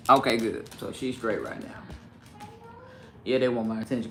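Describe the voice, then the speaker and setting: A man vlogging in casual chat at home, animated and profane, with sudden loud outbursts. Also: medium pitch, moderate pace, vocal fry, pauses often, roomy sound, over music. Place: home indoors with pets.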